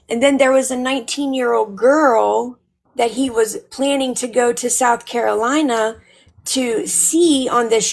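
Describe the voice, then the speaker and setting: A woman's voice: on the high side, vocal fry. A woman speaking as a guest on a livestream, telling a story at length in an indignant, rambling way with many ums. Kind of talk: casual livestream talk.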